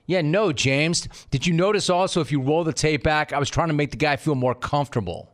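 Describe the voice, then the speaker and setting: A man hosting a sports talk radio show, bantering in an animated, mocking, rapid-fire way. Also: a little high.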